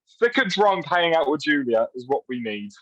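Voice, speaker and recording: A man, a voice actor, chatting in an excitable, jokey way over a video call. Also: a little high, moderate pace, no room sound, highs cut off. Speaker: voice actor guest. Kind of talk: casual chat.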